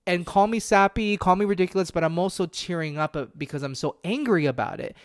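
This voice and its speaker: A man's voice: a little high, lively intonation, fast, few pauses, no room sound, studio quality. A man hosting a solo podcast, talking in an earnest, impassioned way and often correcting himself mid-sentence. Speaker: podcast host.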